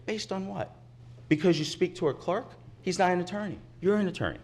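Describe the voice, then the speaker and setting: A man's voice: sits high, fairly quick. A man giving impassioned public comment at a county commission meeting, indignant and insistent, repeating his points at a podium microphone. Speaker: resident speaking at public comment.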